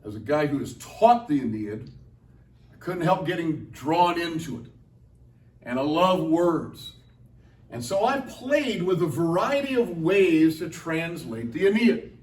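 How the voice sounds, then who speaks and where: A middle-aged man with a fairly high voice gives a playful, conversational lecture to students and keeps asking the audience questions. The mic picks him up from across the room. His voice rings around a large, echoey convention hall. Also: very animated, measured pace, far from the mic. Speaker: Latin teacher and translator giving a talk. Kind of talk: lively classroom-style lecture to students.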